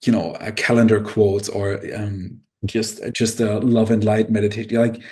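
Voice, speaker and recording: During a casual podcast discussion, a male co-host talks at a moderate pace in a lowish, dark voice with little pitch movement. He sounds reflective and keeps hunting for his words, with plenty of fillers and restarts.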